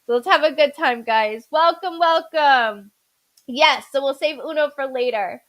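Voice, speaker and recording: High-voiced chatty woman hosting a live stream. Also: moderate pace, fairly bright tone, poor audio. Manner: chatty, repeats names, stutters. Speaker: psychic medium host. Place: home.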